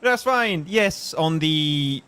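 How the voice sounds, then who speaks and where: A man's voice: fairly high pitch, lively intonation, drawn-out words, sharp tone, slight background noise. A man from France, a native French speaker, casting a live esports match in English with a faint French tinge, laughing and self-deprecating in banter with his co-caster.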